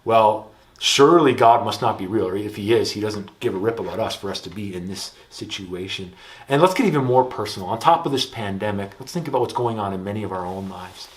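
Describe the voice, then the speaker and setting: A man in his thirties with an Upper Midwest American accent, preaching a campus ministry sermon in a relaxed storytelling way. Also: lowish voice, fairly quick. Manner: relaxed storytelling, lively when telling anecdotes.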